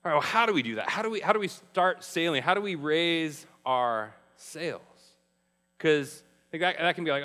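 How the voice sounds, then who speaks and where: A male pastor preaching a sermon in a conversational, emphatic way, slowing down on key phrases. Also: on the high side, expressive, sharp tone, in a large hall. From Arizona, US.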